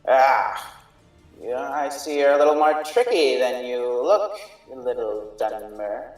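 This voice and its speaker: A scornful, ancient undead villain taunts the party with slow, measured menace, as a game master puts him on. The voice sounds distant in an echoey room. Faint music plays behind it. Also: male voice, mid-range voice, animated, a little mellow. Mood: snarling. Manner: mocking, taunting.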